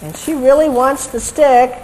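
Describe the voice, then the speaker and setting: A woman lecturing on dog behavior over video clips, lively and acting out what the dogs seem to think. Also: high-pitched, measured pace, low-quality recording. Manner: lively, acts out dogs' thoughts in quotes.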